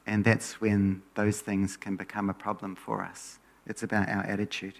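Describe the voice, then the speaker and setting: A man preaching a conversational sermon as a pastor, relaxed, often letting his phrases trail off quieter at the end. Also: on the low side, moderate pace, gravelly.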